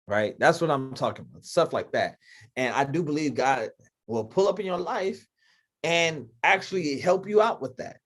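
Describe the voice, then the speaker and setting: A man's voice: on the high side, expressive, moderate pace. Emphatic man hosting a call-in chat. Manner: emphatic, conversational, lots of fillers. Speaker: podcast host. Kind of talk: casual faith-based talk on a video call. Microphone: video call.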